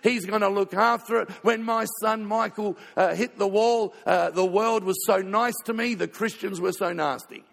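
Man, pastor, sermon, gravelly, fairly high voice, long hall reverb. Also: steady tone, moderate pace, hardly any pauses. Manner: storytelling with sudden swings between loud and hushed.

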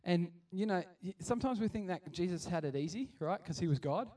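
Man preaching to kids, high voice, casual and rambling, heard from a distance, soft music. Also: animated, fairly quick. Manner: casual, repeats and restarts, builds to passionate appeals. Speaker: kids church pastor. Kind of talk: sermon. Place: church hall.

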